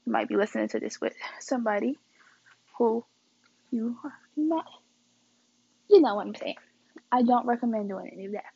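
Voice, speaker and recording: A woman's voice: on the high side, animated, normal speed, creaky, long pauses, mellow, breathy edge, no room sound, dull audio. A young woman casually telling a story to her viewers, chatty and slangy, acting out quoted dialogue dramatically. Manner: slangy and chatty, addresses the audience as guys and y'all.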